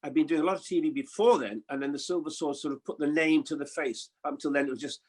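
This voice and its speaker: A man in his seventies chatting as a guest, telling lively stories with chuckles and impressions. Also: a little high, fast, slightly rough. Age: 70s. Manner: lively storyteller, chuckling, mimics voices. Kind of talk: anecdotal chat.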